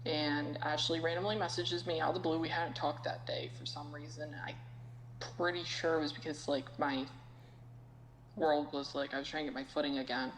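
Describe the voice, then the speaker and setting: A young adult woman, a podcast guest, telling a personal story slowly and candidly, with soft laughs. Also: low voice, fairly even intonation, big-room sound, a little hiss or hum, low-quality recording. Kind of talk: casual podcast chat.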